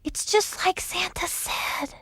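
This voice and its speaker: Woman doing a soft little toy dog from a kids story, shaky and gentle. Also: sits high, normal speed, no room sound, pitched above the performer's own voice. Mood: shivering. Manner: soft and stuttering. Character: gentle, cold, worn-out male stuffed dog.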